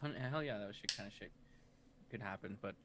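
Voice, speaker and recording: A man's voice: fairly low pitch, fairly quick, background noise. A man co-hosting a podcast in casual chat, rambling and hesitant as he reads out listener questions. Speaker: podcast co-host.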